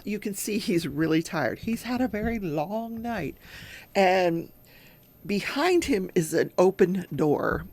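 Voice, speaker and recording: Older woman, talk show host, gravelly, chatty storyteller, acts out quotes. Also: lowish voice. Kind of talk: casual trial recap.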